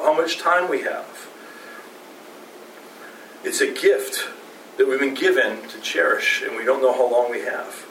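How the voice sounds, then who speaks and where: A man's voice: a little high, fairly bright tone. A middle-aged man preaching a Sunday sermon as pastor, speaking conversationally and asking the congregation rhetorical questions. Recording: roomy, distant, faint ambient noise.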